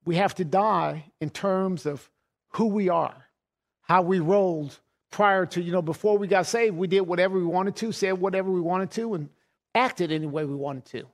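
A man's voice: sits high, moderate pace. A middle-aged man preaching a sermon in a folksy way, laughing often and repeating words as he goes.

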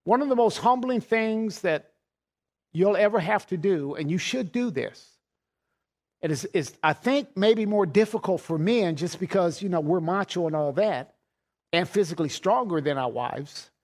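A man's voice: high voice, lively intonation, moderate pace, a little mellow. A middle-aged man preaching a sermon in a folksy way, laughing often and repeating words as he goes.

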